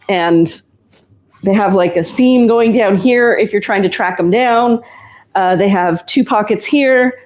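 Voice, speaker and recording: A woman who runs a shop, hosting a casual live stream and explaining ordering and clothes in a chatty, reassuring way. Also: medium pitch.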